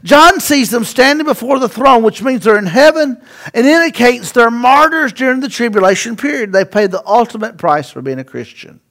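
A pastor preaching a sermon, swinging between loud emphasis and hushed asides and asking the congregation rhetorical questions. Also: male voice, very high-pitched, lively intonation, normal speed, creaky.

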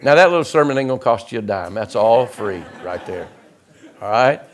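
A middle-aged man preaching an impassioned sermon in a church, swinging between loud shouts and quiet, close asides. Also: mid-range voice, animated, brisk. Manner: preaching with rising shouts and sudden drops to quiet. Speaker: guest preacher. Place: church sanctuary.

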